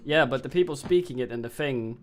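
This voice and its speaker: A man's voice: medium pitch, brisk, soft background music. A man streaming a video game, rambling and joking with lots of swearing as he plays. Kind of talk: casual gameplay commentary.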